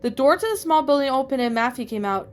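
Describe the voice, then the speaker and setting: A woman narrating a fan fiction story aloud in a plain, steady reading voice. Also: high-pitched, fast. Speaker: story reader.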